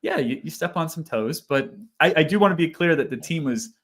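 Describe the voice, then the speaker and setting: A man speaking as a guest researcher in a casual interview, reflective and often laughing softly between phrases. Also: a little high, expressive, brisk.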